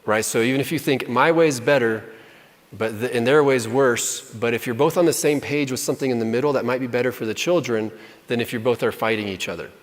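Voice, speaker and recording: A man talks through parenting advice in an easy, conversational way, now and then acting out what someone might say. His voice sits at a middle pitch. The sound carries a long, ringing reverb, as if it were picked up in a large hall. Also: fast. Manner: conversational, self-deprecating, acts out quoted voices. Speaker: marriage and parenting speaker. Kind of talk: casual talk answering audience questions.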